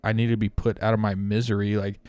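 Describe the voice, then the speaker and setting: A man's voice: fairly low pitch, little pitch movement, quick pace, a little mellow, dry recording, studio quality. A man co-hosting a comedy podcast, telling rambling, profane stories in casual chat and acting out the quotes. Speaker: podcast co-host.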